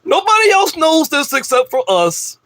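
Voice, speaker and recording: Smug secretive know-it-all, as a man mocks him, high sing-song parody voice. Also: huge pitch swings, normal speed, fairly bright tone, no room sound, heavily acted. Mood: mocking.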